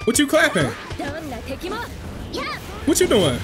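A man's voice: very high-pitched, wildly swooping pitch, slow pace, over music. A man hosting his gaming channel, giving playful, slangy trash-talk commentary while he plays and joking with his viewers. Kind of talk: live gameplay commentary.

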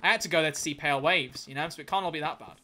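A man chatting casually on a livestream, reading chat aloud, joking and swearing with quick self-corrections. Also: fairly high pitch, bright, forceful tone.

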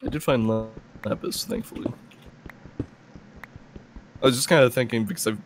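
A man's voice: medium pitch, normal speed, a little hiss or hum. A young man of twenty-one chatting casually while playing a video game, rambling, swearing and laughing often. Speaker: gameplay video player. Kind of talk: casual gameplay chat.

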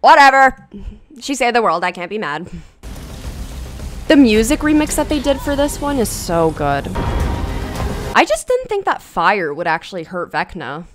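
A woman's voice: mid-range voice, sing-song, moderate pace, long pauses, faint music behind. Chatty, blunt young woman reacting to a show. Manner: chatty, blunt, swears freely and laughs a lot. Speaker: YouTuber. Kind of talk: casual TV commentary.

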